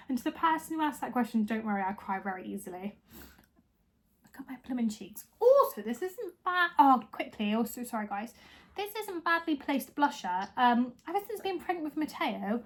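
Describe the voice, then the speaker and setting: A woman's voice: high-pitched, big pitch swings, moderate pace. A young woman talking casually to camera at home, chatty and openly emotional as she answers viewer questions. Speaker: lifestyle vlogger.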